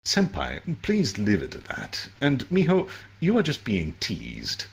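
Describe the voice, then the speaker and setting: A man's voice: on the low side, wildly swooping pitch, takes it slowly, voice pushed up, full character voice. A man reading a story aloud and voicing a cheerful young male coworker in his late twenties who talks earnestly. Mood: soothing. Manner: earnest, then panicked and pleading.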